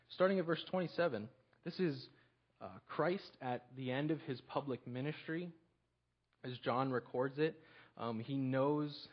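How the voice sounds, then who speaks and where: Earnest man preaching, husky and muffled. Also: mid-range voice. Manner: earnest, halting, frequent repeats and restarts. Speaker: pastor. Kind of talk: sermon.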